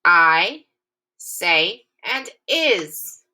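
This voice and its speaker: A woman teacher giving a recorded phonics lesson to young children. She is clear, patient and encouraging, and reads the sample sentences slowly and with lots of expression. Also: fairly low pitch, sing-song, pushed and bright. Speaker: elementary school teacher.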